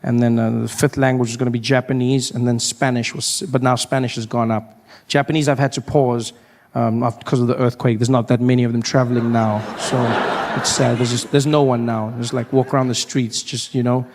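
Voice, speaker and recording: A man from South Africa with a South African accent, doing animated stand-up storytelling and breaking into loud acted outbursts. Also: mid-range voice, a little fast, slight background noise. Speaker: stand-up comedian.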